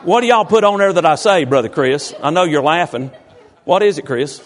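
A man's voice: a little high, lively intonation, fairly quick. A man, a pastor giving an informal sermon and teasing his congregation with questions.

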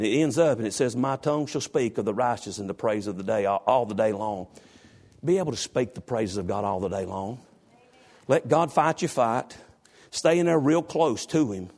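A man preaching a sermon in a church, swinging from low, quiet talk to high, shouted passages. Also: fairly quick, breathy edge.

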